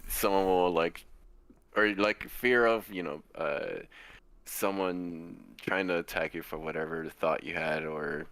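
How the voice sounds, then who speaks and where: A man's voice: low voice, measured pace, fairly bright tone, no echo. A man appearing as a podcast guest, talking in a laid-back, self-deprecating way that trails off. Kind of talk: casual chat.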